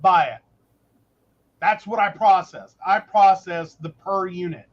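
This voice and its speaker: A woman co-hosting a casual chat, telling stories in an animated way and acting out the people in them. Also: on the low side, takes it slowly, lo-fi sound. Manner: animated, storytelling with lots of voices. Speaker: podcast co-host, psychic.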